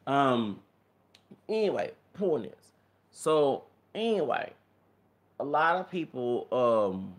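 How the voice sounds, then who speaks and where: A man's voice: medium pitch, very animated, slow pace, long pauses. A man, talking to viewers in a rambling monologue full of fillers. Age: 30s. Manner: rambling, many fillers, addresses viewers as y'all. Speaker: vlogger.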